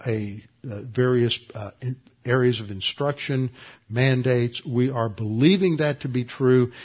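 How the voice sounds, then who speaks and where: A man's voice: mid-range voice, muffled recording. A pastor teaching a verse-by-verse sermon to his congregation, explaining Greek grammar with frequent "uh"s. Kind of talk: expository sermon. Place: church room with congregation.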